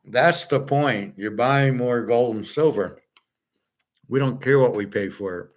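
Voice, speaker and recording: A man's voice: medium pitch, unhurried. A man hosting his own show, ranting bluntly about money and gold in a scornful, rambling way, with swearing and restarts. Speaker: host. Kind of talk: unscripted rant on gold and economics.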